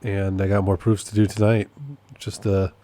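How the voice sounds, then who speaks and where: A man's voice: on the low side, flat delivery, moderate pace, warm tone. A man hosting a casual solo podcast update, rambling and amused at himself, often repeating his points. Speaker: podcast host and process server.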